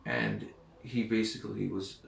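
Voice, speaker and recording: A man with a rough, gravelly, low-pitched voice talks in a loose, hesitant monologue full of pauses and restarts. He sits back from the microphone, and the room around him rings with echo. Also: sing-song, slight background noise. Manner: halting, hesitant, many ums and restarts. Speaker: dream recounter. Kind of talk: casual spoken monologue. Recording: echoey room, far from the mic.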